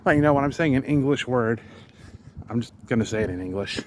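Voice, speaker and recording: A man in his thirties, working through language lessons outdoors in a green rural spot, talking casually with halting, self-correcting phrasing and frequent sighs. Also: medium pitch, animated. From United States. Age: 30s. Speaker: vlogger learning a language. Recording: outdoor recording with clear ambient noise.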